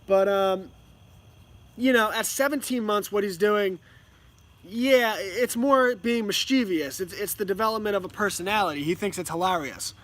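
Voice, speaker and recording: A man's voice: high-pitched, moderate pace, fairly bright tone. A man speaking as a homeschooling parent in a casual monologue, rambling with many ums and restarts at home.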